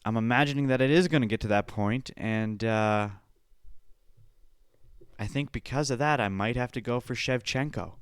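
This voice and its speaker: A man's voice: medium pitch, normal speed, smooth, no echo, studio quality. A young man hosting a podcast, breaking down fights in a loose, profane, chatty way. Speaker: podcast host.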